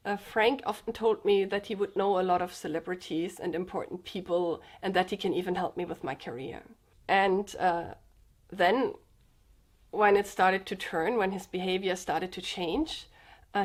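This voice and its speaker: A young woman from Germany with a German accent, speaking in an earnest, hesitant way, with fillers and restarts, in a personal confessional vlog. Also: medium pitch. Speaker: vlogger.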